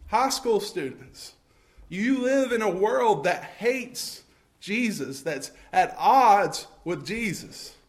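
Slow-preaching man with a light voice. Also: high voice. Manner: preaching with rising intensity, acting out scenes; self-correcting, conversational asides. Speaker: pastor. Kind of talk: sermon.

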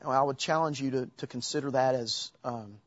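A man gives an informal church teaching, quoting verses from memory and pausing often to restart his sentences. His voice is husky and sits at an ordinary pitch. The recording is dry and a little dull, as if on modest equipment. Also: no echo. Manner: halting, restarts while quoting Scripture from memory. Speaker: Bible teacher.

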